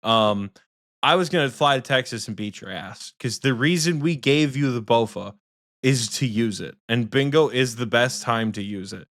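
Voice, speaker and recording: A man co-hosting a podcast who tells a story in a casual, teasing, profane way, often speeding up into quick bursts. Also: mid-range voice, fairly bright tone, no room sound, clean studio sound. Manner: rapid bursts of speech. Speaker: podcast co-host.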